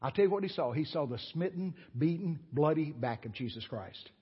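A man's voice: on the high side, fairly quick, slightly rough, big-room sound. A man preaching a sermon as a guest speaker, folksy and exclamatory, telling stories to a congregation. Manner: folksy, exclamatory, animated storytelling. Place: church sanctuary. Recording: dull lo-fi church recording.

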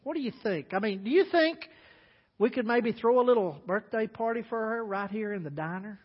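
An earnest, gentle preacher asks his questions quietly, as a man plays him. The voice sits high. The recording is dull, with a long hall echo. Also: expressive, fairly quick, husky.

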